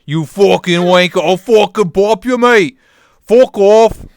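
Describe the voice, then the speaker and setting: A man's voice: high voice, slow pace, creaky, no room sound, voice pushed up, heavily acted. A man putting on a rowdy, swearing British bloke with a British accent. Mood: aggressive.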